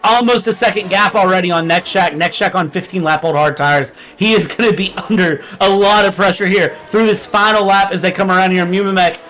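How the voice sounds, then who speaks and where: A young man giving fast, energetic live commentary on an online sim race. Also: high-pitched. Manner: energetic, quick play-by-play.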